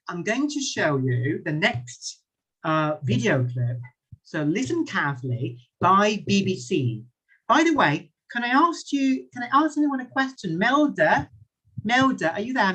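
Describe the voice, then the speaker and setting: A man who speaks English with a British accent and a Thai first language, teaching an online English class in a playful way, repeating his questions slowly and chuckling often. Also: high voice, sing-song, sharp tone, breathy edge. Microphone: computer mic on a video call.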